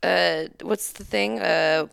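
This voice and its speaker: A woman's voice: on the low side, fairly even intonation, takes it slowly, creaky, fairly bright tone, no room sound, studio quality. A woman co-hosting a podcast in casual chat, playful and teasing. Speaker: podcast co-host.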